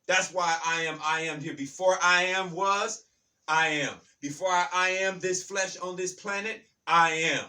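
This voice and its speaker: A man's voice: high-pitched, fairly even intonation, unhurried, sharp tone, recorded from a distance. A man hosting his own channel, delivering an emphatic, repetitive spiritual monologue that often addresses listeners as "baby". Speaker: channel host.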